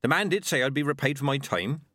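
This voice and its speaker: A man's voice: mid-range voice, quick pace, no room sound, clean studio sound, voice pushed up. A man voicing a blunt, stubborn old village witch and midwife with folksy, rustic speech. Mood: chatty. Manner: folksy rustic grammar, sharp and feisty.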